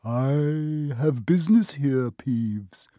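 Guy doing a quiet steady schoolboy, hushed and soft, slow. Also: medium pitch, no room sound, studio quality. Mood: hoarse croak.

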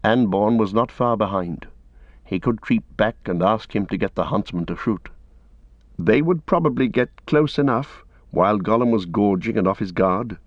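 This man reads a fantasy story aloud in a steady, measured way, his voice sitting low. The recording is dry and close but a bit dull and lo-fi. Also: dry recording. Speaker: audiobook reader. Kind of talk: scripted narration.

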